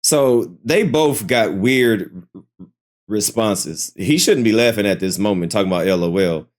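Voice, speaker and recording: A man talks through a reaction video in a casual, skeptical way and keeps circling back to the same doubts. His pitch swings a lot as he talks. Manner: skeptical, repeats himself, animated. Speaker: reaction channel host.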